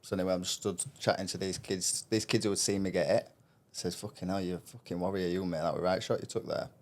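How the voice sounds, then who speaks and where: A man's voice: deep voice, steady tone, fast. A man, co-hosting a podcast and telling a laid-back, rambling story in casual chat. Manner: rambling, laid-back storytelling, frequent 'you know what I mean'. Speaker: podcast co-host.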